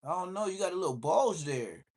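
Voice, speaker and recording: A man's voice: high voice, lively intonation, brisk, slightly rough, pitched above the performer's own voice, exaggerated voice. A man voicing an older male police officer who asks casual, prying questions. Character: older male cop, friendly but prying.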